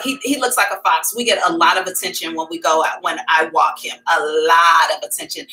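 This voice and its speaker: A woman's voice: fairly low pitch, bright, forceful tone, low-quality recording. A middle-aged woman hosting a psychic livestream, chatting candidly and calling her viewers y'all. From America. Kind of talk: casual livestream chat.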